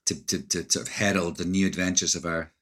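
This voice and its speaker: A man's voice: deep voice, fairly even intonation, quick pace, a bit bright. A Scottish man, an actor and author, talking in an interview, thoughtful, with many restarts and hesitations. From Scotland. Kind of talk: interview conversation.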